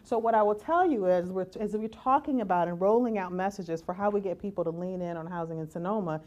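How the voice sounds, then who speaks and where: A woman giving a lively conference talk as keynote speaker, often asking "right?" and acting out the voices she quotes. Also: mid-range voice, fast. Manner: animated, acts out quoted voices, rhetorical "right?".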